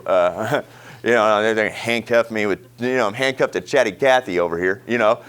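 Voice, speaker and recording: A man telling his own story in a talk, animated, laughing often and restarting his sentences. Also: medium pitch, fairly quick, smooth. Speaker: speaker sharing his recovery story.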